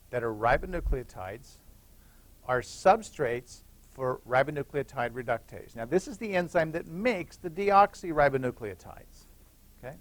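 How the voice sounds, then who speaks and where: A man's voice: fairly high pitch, dry recording. A middle-aged man giving a classroom lecture, explaining step by step, repeating key points and checking in with "okay?". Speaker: university biochemistry lecturer. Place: lecture hall.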